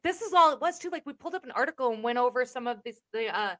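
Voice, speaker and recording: A Texan woman hosting a live stream, talking loud and brash, swearing freely in casual chat. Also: a little high, animated, rapid-fire. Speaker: live show host.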